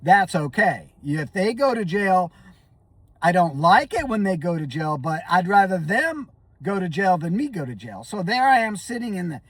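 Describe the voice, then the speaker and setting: A shaken man telling a comic story in a rambling, stammering way, often coughing and clearing his throat. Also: high-pitched, very animated, moderate pace, no echo, far from the mic. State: shaky and rattled. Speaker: comedic vlogger.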